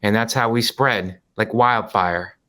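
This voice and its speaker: A man's voice: lowish voice, unhurried, pushed and bright. A man co-hosting a comedy podcast, telling stories and acting out the people in them in casual chat. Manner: storytelling, acts out quoted people. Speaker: podcast co-host.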